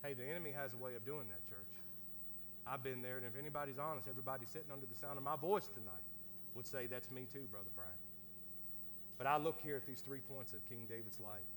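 A man's voice: medium pitch, quick pace. Fervent folksy man preaching in a church. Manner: swings from shouted fervor to hushed earnest pleading; folksy, says ain't and indeedy. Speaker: lay preacher. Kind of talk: preaching to a congregation. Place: church sanctuary. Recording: long hall reverb, faint hum.

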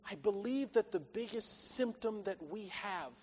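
High-voiced preacher in an echoey hall. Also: male voice, animated, unhurried, a little mellow, slight background noise. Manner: earnest, emphatic, quotes scripture. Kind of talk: sermon. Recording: long echoey hall reverb.

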